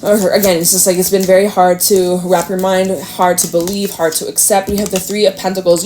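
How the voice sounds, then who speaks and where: A woman giving a casual, chatty tarot reading, animated and talkative, now and then jumping into a high acting voice. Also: a little fast, hardly any pauses, slight background noise. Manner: chatty, animated, slips into squealy acted quotes. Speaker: tarot reader.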